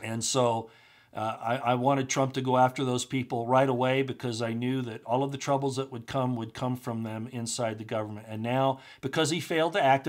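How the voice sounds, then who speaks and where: Impassioned man ranting. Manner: starts low and subdued, grows loud and agitated, rhetorical questions. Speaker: commentary channel host. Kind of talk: impassioned political monologue.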